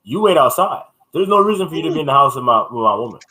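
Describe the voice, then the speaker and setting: Blunt, bright-voiced man on a podcast. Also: on the high side, rapid-fire, low-quality recording. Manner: blunt, animated, profane. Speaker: podcast co-host. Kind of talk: casual podcast chat.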